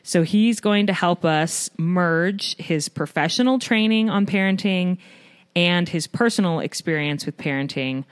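A woman's voice: on the low side, unhurried, smooth, dry recording. A woman in her thirties hosting a podcast for moms, reading a scripted opening with light humor. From United States. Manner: warm, reads a written intro with light self-deprecating humor. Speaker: podcast host.

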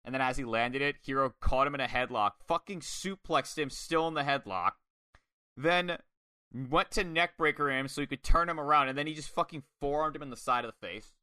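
A man casually reviewing a wrestling match, excitable and swearing often, acting out lines in quoted voices. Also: medium pitch, fairly quick, smooth, no room sound, studio quality. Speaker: podcast co-host.

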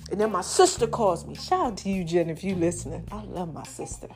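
A woman's voice: lowish voice, a little fast, hardly any pauses, faint music behind. A woman podcast host, telling a personal story in a conversational, emotional way and acting out the voices of family members. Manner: animated, acts out quoted voices of family; emotional, conversational, preacherly encouragement at the end.

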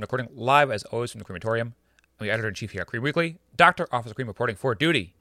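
A man's voice: medium pitch, animated, rapid-fire, pushed and bright, no echo, clean studio sound. A man co-hosting a podcast, chatting in a jokey, offhand way with hesitant fillers. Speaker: podcast co-host. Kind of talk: casual recap chat.

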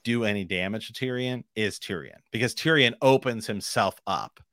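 Man, lowish voice, dry close sound, casual book chat, rambling, restarts sentences. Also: moderate pace, fairly bright tone, no echo. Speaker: podcast co-host.

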